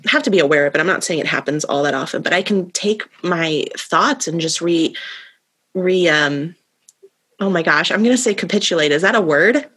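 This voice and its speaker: A woman's voice: fairly low pitch, fairly bright tone, breathy edge. A woman co-hosting a faith podcast, chatting casually and rambling as she searches aloud for the right words. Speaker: podcast co-host.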